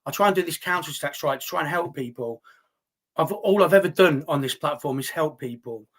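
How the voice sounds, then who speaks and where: A man's voice: a little high, lively intonation, brisk, a bit bright. A man hosting a live stream, answering viewer chat in heated, indignant talk with plenty of swearing. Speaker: livestream host reading viewer chat.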